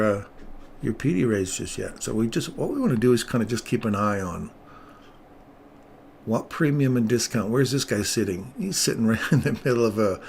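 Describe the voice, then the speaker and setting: A man's voice: mid-range voice, gravelly, darkish tone, slight background noise. A middle-aged man hosting a live trading stream, talking casually and wandering off on tangents. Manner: casual, rambling, easily sidetracked. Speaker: trading channel host.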